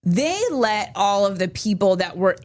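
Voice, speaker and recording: A woman's voice: mid-range voice, animated, a little slow. A young adult woman co-hosting a podcast, telling a story in casual chat, full of fillers and restarts. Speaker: podcast co-host.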